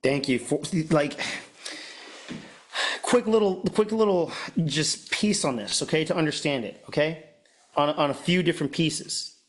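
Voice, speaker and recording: A man hosting a masterclass, mixing an emphatic sales pitch with sermon-like preaching, repeating phrases for effect and mimicking doubters. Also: animated, a little slow. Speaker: host, off-grid masterclass presenter.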